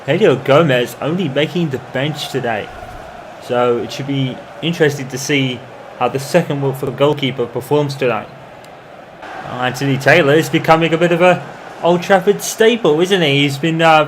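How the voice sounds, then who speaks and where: A man commentating over his own football video game in the style of a match broadcaster, calm between plays and erupting into shouts when a goal goes in. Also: a little high, normal speed, a little hiss or hum. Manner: excitable, bursts into shouting on goals. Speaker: gamer doing mock football commentary. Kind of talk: playful imitation of match commentary over gameplay.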